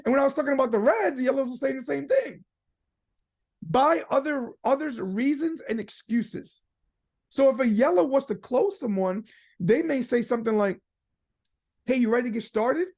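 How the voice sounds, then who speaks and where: A man giving a casual webinar training talk from home, animated, slipping into character voices and leaning on fillers and restarts. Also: extremely high pitch, moderate pace. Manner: animated, acts out quoted people in character voices. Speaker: business trainer.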